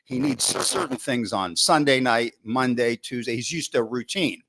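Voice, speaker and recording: A middle-aged football coach, a podcast guest, telling coaching stories in an animated way and acting out his own past thoughts, with frequent restarts and "you know" fillers. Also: mid-range voice, moderate pace, vocal fry. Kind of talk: storytelling in a podcast interview.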